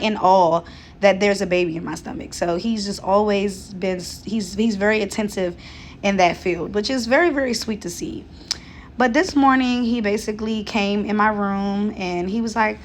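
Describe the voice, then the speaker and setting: A woman's voice: medium pitch, steady tone, moderate pace, slight background noise. Earnest, talkative pregnant woman vlogger. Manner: earnest, talkative, many fillers and restarts. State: seven months pregnant. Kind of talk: casual personal storytelling.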